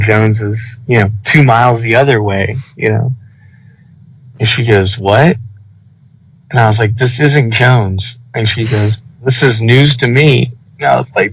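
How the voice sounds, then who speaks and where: A man's voice: mid-range voice, measured pace, gravelly, husky. A young man co-hosting a podcast, telling a story in casual chat, swearing and acting out the quoted lines. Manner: animated, profane, acts out quoted dialogue. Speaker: podcast co-host. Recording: slightly muffled podcast recording.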